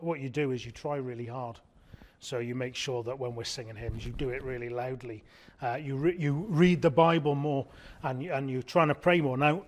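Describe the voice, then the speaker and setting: A man preaching an evening sermon, earnest and emphatic, repeating key words and slowing down to stress them. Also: mid-range voice, darkish tone.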